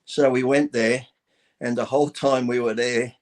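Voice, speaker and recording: A man co-hosting a podcast, telling animated, joking anecdotes in a casual chat. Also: mid-range voice, moderate pace. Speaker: podcast co-host.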